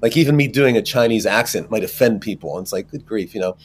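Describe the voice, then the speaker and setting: A man's voice: on the low side, quick pace, slight background noise. A man, an actor, talking casually in an interview, rambling with many restarts and fillers. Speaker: actor guest.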